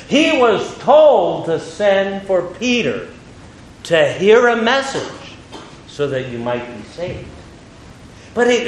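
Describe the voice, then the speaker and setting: A man preaching a sermon, teaching through a Bible passage with emphatic, animated delivery and dramatic pauses. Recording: echoey room with faint rumble.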